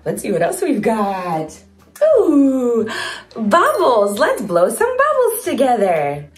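Slow, sing-song woman talking to toddlers. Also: fairly high pitch, wildly swooping pitch. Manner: bouncy, exaggerated and playful, with sound effects. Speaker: toddler video host.

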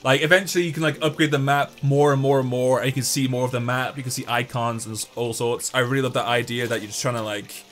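A young man giving excitable, joking let's-play commentary while he talks to the game. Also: mid-range voice, fast talker, few pauses. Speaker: gaming YouTuber.

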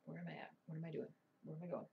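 A woman's voice: deep voice, steady tone, very fast, vocal fry, dull audio, a little hiss or hum. A woman chatting casually and muttering to herself while doing cross-stitch, self-deprecating and chatty. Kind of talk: casual stitch-along chat.

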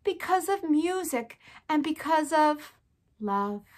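A small, timid boy mouse who speaks in soft, hushed tones, as a woman reads him aloud. The voice stays high and gentle, from a storybook read to children. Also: lively intonation, slow. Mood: earnest.

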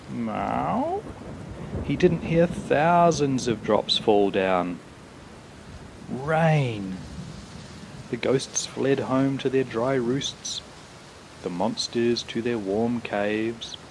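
A man reading a children's picture book aloud, with slow, expressive storytelling. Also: medium pitch, slight background noise.

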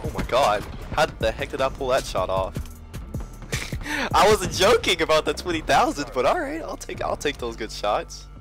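A young man giving excitable gameplay commentary, swinging between mumbling and yelling. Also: a little high, moderate pace. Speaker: gaming video creator. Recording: trap beat playing underneath. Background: background hip-hop music.

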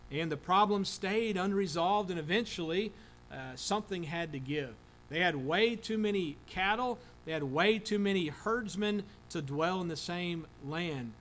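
A man's voice: high-pitched, a bit bright, low-quality recording. A man preaching a sermon as pastor, earnest, with frequent restarts and filler words. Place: church sanctuary.

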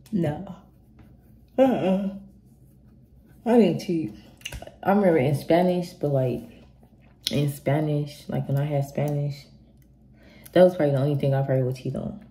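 A young woman chats her way through viewer questions in a low, mellow voice, talking bluntly, swearing freely and circling back on herself. Her voice carries the sound of an echoey room. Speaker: vlogger answering viewer questions. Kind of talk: casual Q&A chat.

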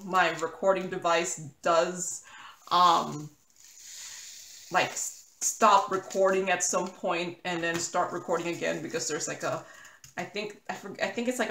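A woman's voice: on the low side, a bit bright, echoey room. An American woman chatting casually while she crafts, rambling with lots of fillers and restarts. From United States. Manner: rambling, filler-heavy, self-correcting. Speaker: crafting YouTuber.

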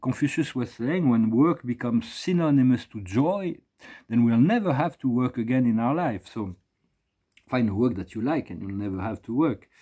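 A middle-aged man giving a slow, meditative spiritual talk as an oracle reader. He halts often, repeating words and restarting his phrases. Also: medium pitch, expressive, mellow, breathy edge.

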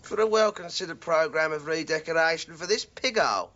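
A man's voice: a little high, brisk, sharp tone. A wordy, pompous tradesman. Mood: earnest. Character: pedantic earnest male tradesman. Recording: dull TV soundtrack.

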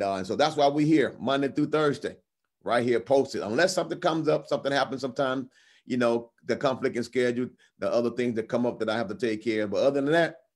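A man teaching a Bible lesson online as a pastor, relaxed and chatty, slowing down to stress key words in declarations. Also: medium pitch. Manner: slow emphatic declarations, rising on key words; relaxed, conversational with fillers.

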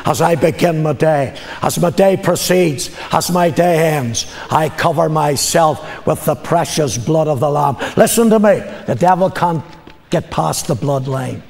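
Older preacher in echoing hall. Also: male voice, unhurried, vocal fry. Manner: storytelling preacher, swings from loud declaring to low confiding. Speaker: pastor. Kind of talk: sermon. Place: church. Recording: long reverb of a church hall.

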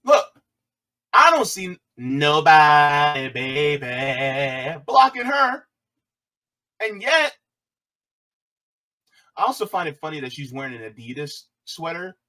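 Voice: mid-range voice, sing-song, slow, pauses often, sharp tone, low-quality recording. A commentary vlogger reacting to a clip in a sarcastic, exclamatory way.

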